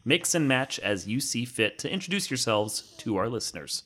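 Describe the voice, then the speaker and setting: A man's voice: medium pitch, big pitch swings, moderate pace, sharp tone. A man hosting a podcast in casual chat, jokey and rambling, recorded on a studio mic in a small studio. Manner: jokey, rambling, prone to restarts. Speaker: podcast host.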